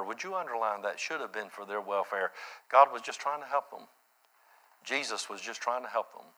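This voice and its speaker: A male pastor preaching a sermon, swinging from loud, high-pitched peaks to quiet, low, reflective passages. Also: expressive, normal speed.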